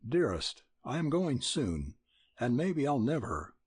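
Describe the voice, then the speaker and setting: A man reading the part of an earnest young man saying goodbye, steady and pleading. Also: medium pitch, a little slow, husky, dry recording, clean studio sound.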